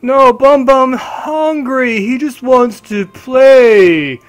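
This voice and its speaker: A man voicing a big, childlike male ogre who speaks slowly in broken, simple words. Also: extremely high pitch, pitched above the performer's own voice, heavily acted. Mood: pleading. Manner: wailing, slow, simple broken speech. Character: hulking grieving male ogre, childlike and slow.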